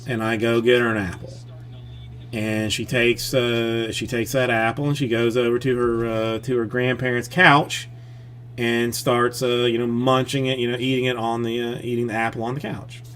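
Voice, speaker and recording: A man's voice: medium pitch, flat delivery, normal speed, fairly bright tone, slight background noise. A man hosting a live stream in casual chat, telling a family story in a rambling way, full of restarts and fillers.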